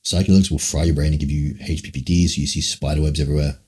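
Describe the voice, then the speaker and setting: Dude with a super low husky voice rambling thru chat questions on stream, swears a lot. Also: male voice, little pitch movement, quick pace, darkish tone. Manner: rambling, musing, frequent swearing. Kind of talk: casual livestream Q&A.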